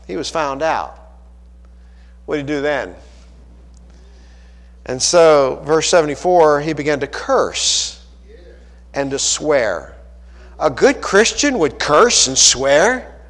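A man's voice: on the high side, very animated, measured pace, pauses often, fairly bright tone, long reverb tail. A man from Pittsburgh, a pastor preaching a folksy sermon full of rhetorical questions.

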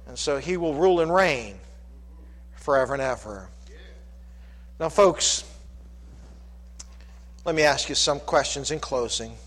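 A man's voice: medium pitch, unhurried, pauses often, a bit bright. A man preaching a sermon as pastor, building fervor with repeated refrains. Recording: long church reverb.

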